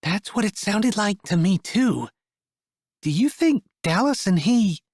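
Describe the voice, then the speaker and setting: Guy doing a breathy whispery grown woman, voice pitched way up and lively, sounds a bit off from his usual tone. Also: unhurried, no echo, clean studio sound, full character voice. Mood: disbelieving. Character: soft-spoken adult woman, a farm-country mother.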